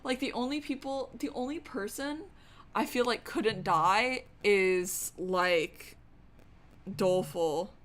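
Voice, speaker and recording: Slow, expressive woman game streamer. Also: mid-range voice. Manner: expressive, excitable, swears casually. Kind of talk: live game stream, reading narration and chatting.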